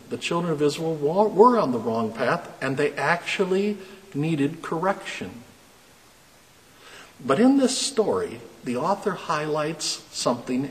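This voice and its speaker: A man preaches a sermon in a voice of ordinary middle pitch. He reads scripture with dramatic swells, then drops into a quieter, earnest tone to explain it. The sound carries a long reverb, as if recorded in a large hall. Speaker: pastor.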